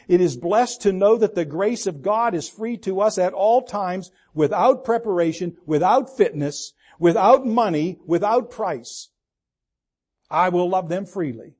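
An older man preaching a sermon as pastor, stretching key words for emphasis and dropping into soft, low asides. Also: lively intonation, unhurried, husky.

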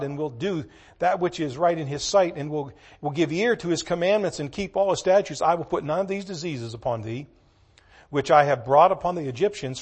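Emphatic preacher man, somewhat high voice. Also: breathy edge. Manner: emphatic, dramatic swings from hushed to loud; reads scripture in slow, measured tones. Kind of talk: sermon.

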